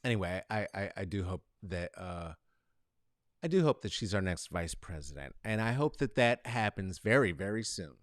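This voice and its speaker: A male show host delivers casual solo commentary from a corner of his apartment that he's set up as a studio. He's expressive, emphatic, and profane, lurching between loud outbursts and low muttering at a normal speed, with no room sound.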